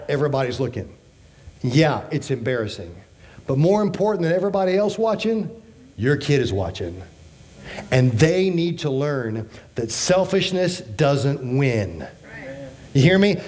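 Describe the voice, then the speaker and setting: A man's voice: high-pitched, a little mellow. A man in his fifties preaching a sermon, emphatic, with rhetorical questions and joking asides. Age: 50s. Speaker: pastor.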